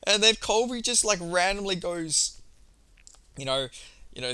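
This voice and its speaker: Excitable, profane young man recapping fights. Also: on the high side, normal speed, clear, resonant tone, no echo. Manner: excitable, profane, rambling with many fillers. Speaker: MMA commentary vlogger. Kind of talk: casual recap monologue.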